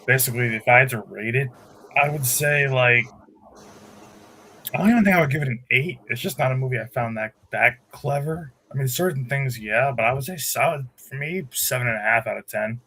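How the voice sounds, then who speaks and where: A man talking through a film review on a casual podcast, in a bright, forceful voice at a middling pitch. He rambles and restarts often, opinionated but easygoing. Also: a little fast, a little hiss or hum. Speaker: podcast co-host. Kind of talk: casual movie review chat.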